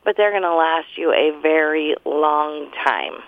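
A woman, a store owner giving a friendly sales pitch in a promotional interview, listing products and prices. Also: unhurried, dry recording. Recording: phone line, very dry.

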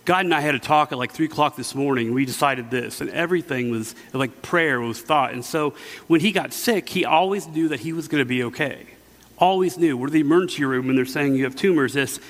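A man's voice: medium pitch, a little fast, a bit bright. A middle-aged man preaching a casual sermon, telling stories with many fillers and restarts. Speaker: pastor. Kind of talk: conversational sermon. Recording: long hall reverb.

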